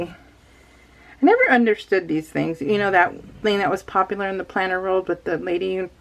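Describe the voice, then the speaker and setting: A California woman vlogger unboxes a craft kit, chatting casually, giggling at herself and talking to herself. Her voice is fairly low with vocal fry.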